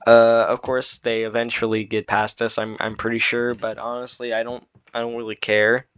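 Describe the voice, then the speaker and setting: A man's voice: medium pitch, completely flat delivery, moderate pace, fairly bright tone, clear, resonant tone, no echo. A man giving casual commentary on his own video, rambling with lots of fillers and restarts. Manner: rambling, filler-heavy explaining. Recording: dull dry lo-fi mic.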